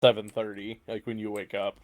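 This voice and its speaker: A man's voice: on the low side, completely flat delivery, fairly quick. A man narrating a tabletop role-playing game as game master, casual and rambling, with frequent fillers and restarts.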